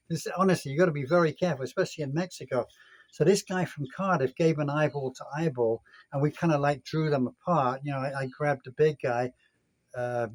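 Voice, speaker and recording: A man in his sixties from the United Kingdom, telling a rambling story in a casual vlog rant. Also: fairly high pitch. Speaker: vlogger.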